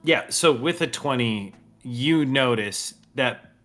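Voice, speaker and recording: A man running a tabletop game as dungeon master, narrating with hesitant pauses and laughter. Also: mid-range voice, fairly bright tone, faint music behind.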